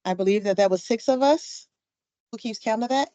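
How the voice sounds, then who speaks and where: A woman's voice: fairly high pitch, fairly quick, mellow, dry recording, muffled recording. A woman chairing a commission meeting, calling roll in an informal, upbeat way with plenty of fillers. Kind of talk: running a meeting roll call.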